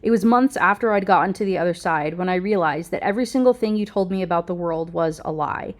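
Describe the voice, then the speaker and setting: A woman reading aloud as a confident grown daughter who speaks in a crisp, pointed, coolly triumphant way. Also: lowish voice, fast, lightly acted.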